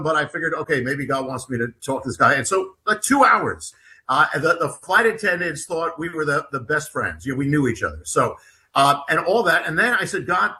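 A man's voice: a little high, sharp tone. A man guesting as an author on an interview show, telling a personal story in a rambling way with many restarts and repeated words.

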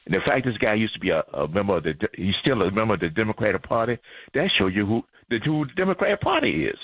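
Male radio caller, earnest moralizer, low voice, thin phone-line sound. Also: sing-song, fast, slightly rough, no room sound. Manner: earnest, preachy, stumbling restarts. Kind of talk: call-in comment.

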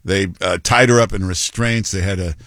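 A man's voice: sits low, fairly even intonation, normal speed, fairly bright tone, dry recording, clean studio sound. A male talk radio host giving blunt, mocking commentary with many fillers and restarts.

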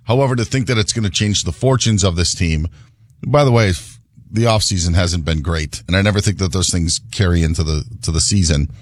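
A man on a sports talk show, giving his take in a measured, level-headed way. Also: low voice, no echo, clean studio sound.

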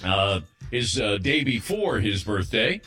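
Bright-voiced man hosting sports talk. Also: fairly low pitch, measured pace, husky, soft background music. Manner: relaxed, conversational, reminiscing. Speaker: sports radio host. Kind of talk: casual sports talk show banter.

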